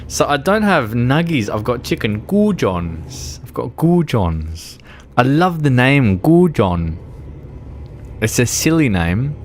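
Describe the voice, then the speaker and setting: A drunk man with an Australian accent, streaming a driving game and chatting in a rambling, sweary way, laughing often. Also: mid-range voice. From Melbourne, Australia. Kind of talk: casual chat while playing a driving game.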